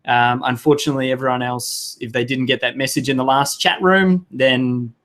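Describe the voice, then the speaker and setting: A man's voice: mid-range voice, steady tone, normal speed, hardly any pauses, fairly bright tone. A man hosting a live webinar, chatty and flustered, swearing and laughing at himself over tech trouble. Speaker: webinar host. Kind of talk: casual live webinar talk.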